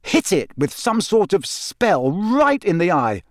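A man reading the part of an excitable teenage boy wizard who rambles eagerly to his best friend in an audiobook. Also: a little high, moderate pace, dry recording, clean studio sound, lightly acted. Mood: excited.

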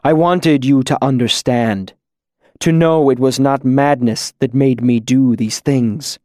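Male reader doing a fallen hero crushed by grief: heavy, weary, desperate; slow delivery. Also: mid-range voice, fairly even intonation, no room sound, clean studio sound, natural voice. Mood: resigned. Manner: weary and heavy, rising to anguished shouts. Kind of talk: audiobook character voice.

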